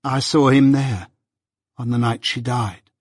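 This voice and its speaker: A man reading an audiobook, voicing a gentle, timid young village woman who speaks softly and pleads. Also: mid-range voice, steady tone, measured pace, no echo, studio quality, natural voice. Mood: earnest. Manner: soft, pleading.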